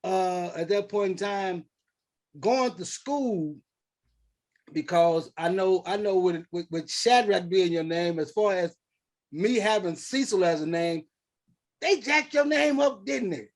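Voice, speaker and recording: A lively man from St. Louis with a noticeably high voice leads a casual interview. He speaks, acts out quotes in his stories, and laughs often. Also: a little slow. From St. Louis, USA. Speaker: podcast host.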